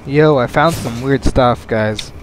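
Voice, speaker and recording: A man's voice: medium pitch, slow pace, noisy background. A young man casually chatting on voice chat while gaming, swearing freely and poking fun at himself. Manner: swears freely, self-mocking, giggly. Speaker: channel host and gamer. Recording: game music behind voice chat.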